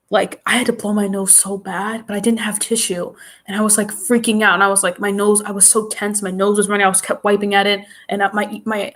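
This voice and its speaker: A woman rambles through a casual live stream, her voice stuffy from a runny nose. She talks loosely and keeps restarting her thoughts, circling back with filler words. Her pitch sits mid-range for a woman. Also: fairly bright tone. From New York. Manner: chatty, rambling, restarts sentences often.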